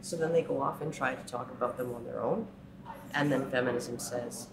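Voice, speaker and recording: A woman's voice: a bass voice, moderate pace, creaky, very noisy. A woman giving an impassioned talk, often ending points with "right?" and mocking the people she quotes. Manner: frequent "right?" tags, mocking put-on quotes. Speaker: speaker. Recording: echoey room with crowd.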